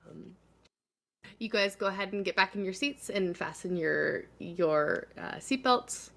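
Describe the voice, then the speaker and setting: A woman narrating a tabletop horror game as game master, slow and atmospheric, breaking into laughs. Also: mid-range voice, gravelly, fairly bright tone.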